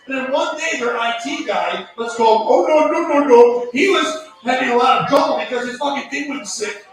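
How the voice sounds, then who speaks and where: Male stand-up, high voice, dry rambling delivery, picked up from across an echoey small venue. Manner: deadpan, crude, rambling delivery. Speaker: stand-up comedian. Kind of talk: open mic stand-up set. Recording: echoey room, voice from far off.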